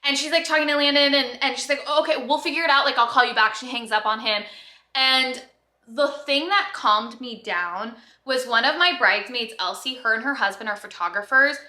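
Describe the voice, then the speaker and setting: A young woman in her twenties telling a story to her vlog viewers, animated and chatty, full of "like" and quick rushes of excitement. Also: a little high. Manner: animated, breathless storytelling with lots of "like". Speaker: vlogger. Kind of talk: casual storytelling. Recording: echoey room.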